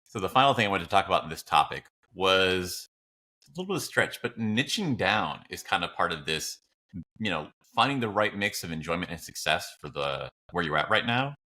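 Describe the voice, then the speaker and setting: Deep-voiced man, bright and animated. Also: brisk. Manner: animated, jumps up in pitch when acting out his own thoughts; swears casually and laughs at his own jokes. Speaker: podcast co-host. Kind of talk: casual podcast chat.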